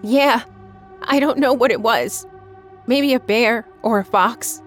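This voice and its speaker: A woman's voice: on the high side, takes it slowly, soft background music, pitched above the performer's own voice. A woman voicing a hurt, scared young woman hitchhiker who speaks nervously and defensively. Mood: shaken. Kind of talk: audiobook narration.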